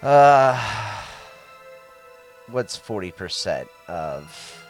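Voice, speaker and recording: A man's voice: low voice, sing-song, a little slow, faint music behind. A man giving casual gameplay commentary, chatting sarcastically to game characters and swearing freely. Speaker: let's play gamer.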